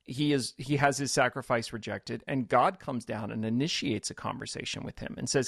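A man's voice: medium pitch, moderate pace, gravelly, hardly any pauses, a bit bright, breathy edge, no room sound, clean studio sound. A man, a pastor and author, thoughtfully explaining scripture as a guest in a radio interview. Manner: reflective, explains scripture with quoted voices.

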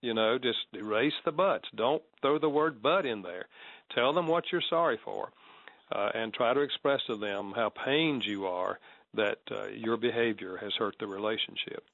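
A man talks through his ideas in a measured, teaching way, voicing example apologies as he goes. The sound is dry and a little dull, with no room echo. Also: on the low side. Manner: measured, explanatory, acts out sample apologies. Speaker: guest author on apology. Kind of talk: conversational teaching.

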